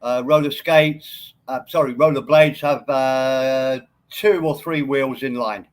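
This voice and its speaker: A man in casual chat, hesitant, with halting restarts. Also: mid-range voice, fairly even intonation.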